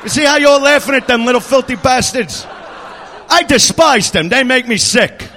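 A man doing a crude, aggressive stand-up rant with shouted bursts. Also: extremely high pitch, expressive, normal speed, a little hiss or hum. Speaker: stand-up comedian. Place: comedy club stage.

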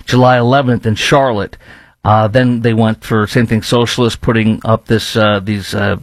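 A man's voice: fairly low pitch, little pitch movement, normal speed, dry recording. A man hosting a political talk radio show, speaking emphatically, repeating himself and firing rhetorical questions.

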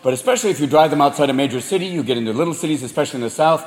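A man's voice: on the high side, animated, racing. A male stand-up comedian performing a crude, profane set in a large hall before a live audience. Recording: echoey hall, loud crowd.

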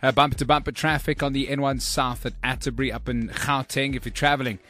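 A man's voice: mid-range voice, little pitch movement, quick pace, sharp tone. A South African man co-hosting a radio show, bantering and then reading traffic updates. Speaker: radio co-host and traffic reader.

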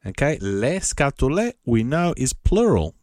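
A man giving a patient, casual spoken lesson, repeating words slowly and spelling them out. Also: medium pitch, big pitch swings, darkish tone, no echo, studio quality. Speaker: Italian language teacher.

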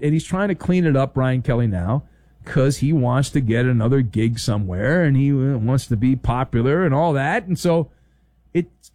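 A man's voice: a little high, a little mellow, no echo. A middle-aged man hosting a sports talk show, giving sarcastic opinions and acting out little scenes in funny voices.

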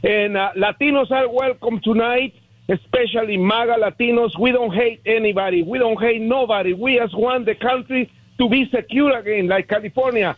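A man's voice: extremely high pitch, normal speed, no room sound. A man calling in to a radio talk show, speaking enthusiastically with a heavy Spanish accent. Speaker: caller. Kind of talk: phone-in call. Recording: tinny phone line.

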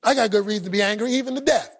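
A man acting out an aggrieved, self-pitying prophet who complains quickly and indignantly. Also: sits high, slightly rough, pitched below the performer's own voice.

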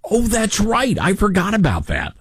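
A man's voice: sits high, wildly swooping pitch, moderate pace, fairly bright tone, husky, no echo, clean studio sound. A man hosting a podcast, telling a rambling, self-deprecating story in a casual chat. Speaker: podcast host.

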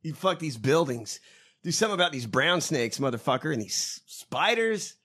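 A man with a high, bright voice trades profane, mocking jokes as a podcast co-host. His pitch jumps around a great deal, and he laughs easily between lines. His talk stays loose and casual. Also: big pitch swings, moderate pace, breathy edge. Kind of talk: casual political comedy chat.

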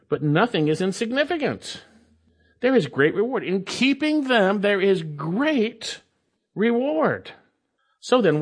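A male pastor preaching an expository sermon, emphatic, repeating key phrases with long dramatic pauses and slowing down to stretch out words. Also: fairly high pitch. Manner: stretches words slowly for emphasis, then speeds up.

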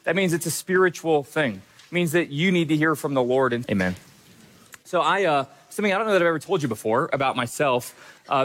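A man's voice: medium pitch, a bit bright. A male pastor giving a sermon in an earnest, conversational way, with small fillers and restarts.

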